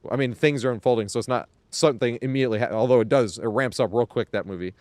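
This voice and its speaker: A man streaming games and chatting casually, rambling with lots of fillers and quick laughs. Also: mid-range voice, a little mellow, no room sound. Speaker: game streamer. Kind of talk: casual live-stream chat.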